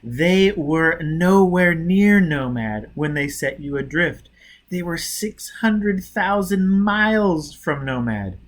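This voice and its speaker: A man's voice: a little high, animated, takes it slowly, pitched above the performer's own voice. A man doing a savage, cold-blooded agent. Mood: savage, threatening. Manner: harsh, forceful, threatening.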